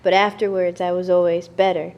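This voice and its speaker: A young woman in the audience, telling a personal story in a casual, relaxed way. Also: on the low side, brisk, highs cut off. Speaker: audience member.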